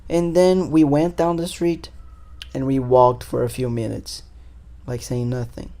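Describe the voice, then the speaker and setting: A man's voice: mid-range voice, level tone, unhurried, mellow. A young man, a podcast host telling a story in loose, casual talk full of swearing and fillers. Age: 20s.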